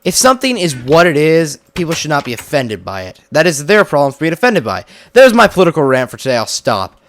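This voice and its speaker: Male gaming host, slightly high voice, rambling casual commentary, dry close sound. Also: wildly swooping pitch, fast, dry recording. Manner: rambling, chatty, heavy use of "like".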